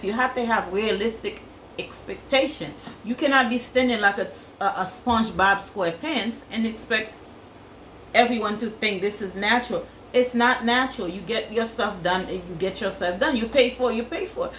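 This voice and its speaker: Woman, animated storytelling vlog, crude and repetitive, roomy echo, faint room noise. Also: mid-range voice. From Africa. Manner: animated, crude, repeats phrases for effect. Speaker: vlogger.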